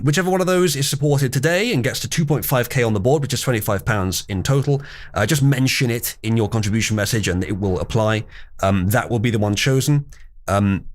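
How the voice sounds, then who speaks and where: A man hosting a livestream, chatting casually and rambling with wry asides to his chat. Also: medium pitch. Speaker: livestream host.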